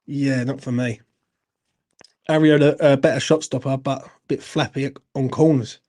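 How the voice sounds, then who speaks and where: A man's voice: mid-range voice, steady tone, moderate pace, warm tone. A man, hosting a live football fan stream and chatting bluntly to viewers while reading out their comments. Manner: blunt, sweary, chatty, addresses viewers as mate. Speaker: football fan channel host.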